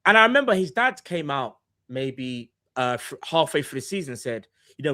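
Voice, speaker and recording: A man's voice: medium pitch, big pitch swings, moderate pace, few pauses, pushed and bright. A young man co-hosting a casual football podcast, talking in a rambling way full of "like". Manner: rambling, lots of "like" fillers. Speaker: podcast co-host.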